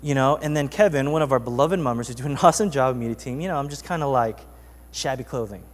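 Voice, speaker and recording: A man's voice: mid-range voice, quick pace, big-room sound. A man preaching a sermon as pastor, telling a story in a loose, chatty way with many fillers. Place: church sanctuary.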